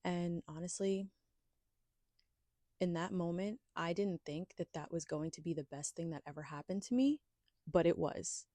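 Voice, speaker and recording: A woman's voice: on the low side, moderate pace, warm tone, dry recording, clean studio sound. A woman hosting her own podcast, telling a personal story in a candid, confiding, emphatic way. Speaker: podcast host.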